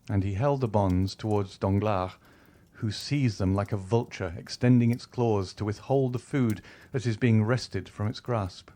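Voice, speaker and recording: A man reads a classic novel aloud as an audiobook, measured and expressive, in a voice on the low side.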